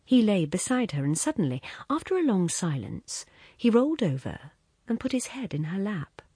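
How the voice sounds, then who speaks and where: A woman reading a literary short story as an audiobook narrator, measured and expressive, softening into hushed passages. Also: mid-range voice, slightly rough, no echo, clean studio sound.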